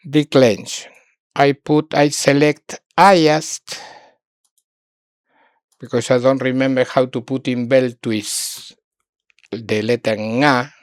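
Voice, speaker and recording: A woman teaching a Sanskrit lesson online, thinking aloud while she works on screen, halting and repeating words, often restating them in Spanish. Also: rumbling low, clean tone, no echo, clean studio sound.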